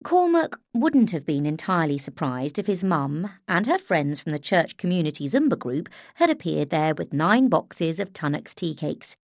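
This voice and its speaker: Woman audiobook narrator, unhurried and expressive, lower voice, dry close sound. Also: no echo. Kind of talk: scripted narration.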